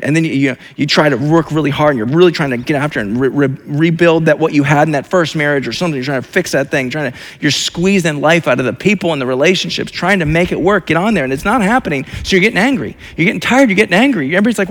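A man's voice: on the high side, fast talker, few pauses, a bit bright. A man preaching a sermon as pastor, in a repetitive, emphatic way with many restarts.

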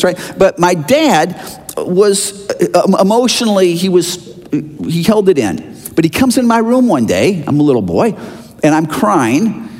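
A middle-aged man from Chicago preaching a sermon as pastor, telling stories in a relaxed, conversational way with fillers. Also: high voice. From Chicago, USA. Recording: long reverb of a large hall.

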